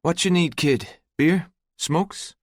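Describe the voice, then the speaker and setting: Man doing a high, accented woman clerk, curt and clipped; audiobook character voice. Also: slow, no room sound, studio quality. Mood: blunt. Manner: broken, clipped English. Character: female gas station clerk with a foreign accent, blunt.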